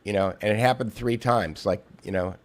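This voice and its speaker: A man with a lowish voice talks as a guest on a podcast, telling a long joke. He circles around his points with stops and restarts. The sound is a remote call. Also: normal speed. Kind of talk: casual conversation with storytelling.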